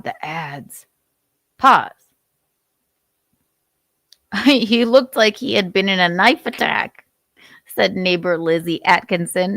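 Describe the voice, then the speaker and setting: The host is a young adult woman reading the news on a casual live stream, chatty and giggly, laughing frequently and swearing at times. Her voice is lowish and a bit bright. The studio sound is clean with no echo.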